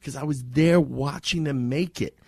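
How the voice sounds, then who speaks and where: A man's voice: medium pitch, moderate pace, creaky, breathy edge, no room sound, studio quality. A man from Miami, a guest in a radio interview, telling a story animatedly and acting out the voices in it, recorded in an office. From Miami, USA. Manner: lively storyteller, acts out quoted voices. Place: office with a gathering.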